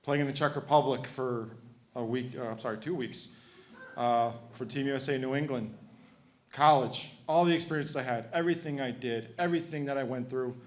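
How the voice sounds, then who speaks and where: A man's voice: mid-range voice, fairly quick. A man in his thirties from Connecticut giving a heartfelt, emotional acceptance speech, joking with the audience. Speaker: hall of fame inductee.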